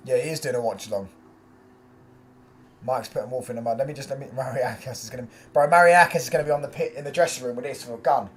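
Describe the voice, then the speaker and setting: A young man hosts a live football watchalong stream, bantering in casual slang as he reacts to the match and to viewers' messages. His voice is mid-range and fast, with slight background noise.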